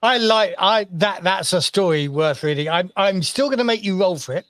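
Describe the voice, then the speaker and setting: A man running a tabletop role-playing game as game master, relaxed and rambling with many fillers. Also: high-pitched, normal speed, dry recording.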